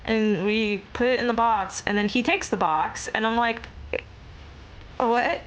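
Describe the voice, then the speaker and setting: A young adult woman streamer telling a story in a casual, animated way, with lots of fillers, swearing and laughter. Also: a little high, moderate pace, slight background noise. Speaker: VTuber streamer.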